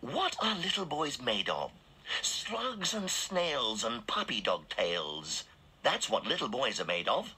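A man voicing a friendly male piano in a children's cartoon, gentle and reciting sing-song rhymes. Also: medium pitch, wildly swooping pitch, slow pace, breathy edge, heavily acted. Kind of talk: children's TV voice acting.

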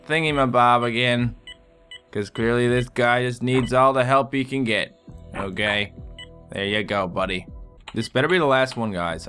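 A gaming video host with a medium-pitched voice delivers excitable let's play commentary. While playing a surgery game, he swears and yells at his patients.

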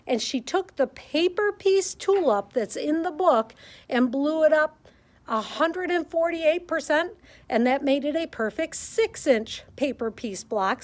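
Chatty Midwestern quilting teacher woman. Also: high voice. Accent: Midwestern American. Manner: chatty, enthusiastic, talks to viewers while filming. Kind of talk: casual show-and-tell walkthrough. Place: sewing center classroom.

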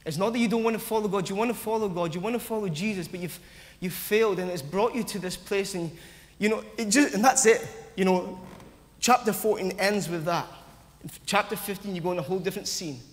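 A man's voice: high-pitched, a little fast, big-room sound. A man preaching a sermon in church, earnest, acting out the voices of the doubting, often stumbling and restarting his sentences.

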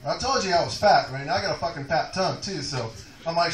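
A man's voice: a little high, expressive, a little fast. A man doing a rambling, profane stand-up set in a comedy club. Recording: echoey club, taped from far off.

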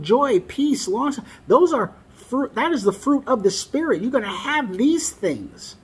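A man's voice: high-pitched, husky. A man preaching a sermon, reading scripture aloud and stressing key phrases by repeating them.

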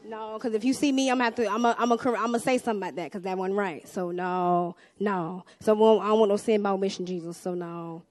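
A young woman preaching a sermon with a Southern US accent, swinging between hushed asides and loud exhortation. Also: mid-range voice, steady tone, quick pace, few pauses, no echo, clean studio sound.

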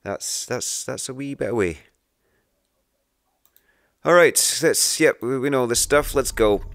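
A man's voice: mid-range voice, takes it slowly, gravelly, fairly bright tone, no room sound. A man giving let's play commentary on a horror game, jumpy and swearing as he talks to himself. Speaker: gamer.

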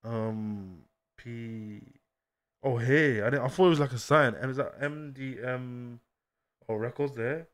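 A young man reacts on a live stream in a casual, excited way. He repeats slang and drifts into quiet mumbles as he reads things out. His mic sounds dry and close. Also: mid-range voice, measured pace, dry recording.

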